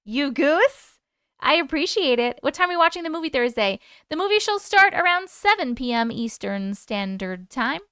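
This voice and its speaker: A woman's voice: high-pitched, sing-song, moderate pace, a bit bright, no echo, studio quality. A woman hosting a casual live stream, chatting and reading viewer comments aloud. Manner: chatty, reads out viewer comments and thanks gifts. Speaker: host reading chat on a livestream.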